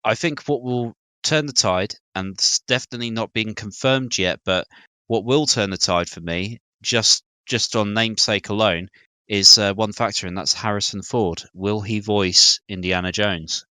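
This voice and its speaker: A British man co-hosts a casual gaming news podcast, chatting and telling stories, a bit hesitant and using fillers. His voice is fairly low, sharp, clear and resonant, at normal speed, with no room sound.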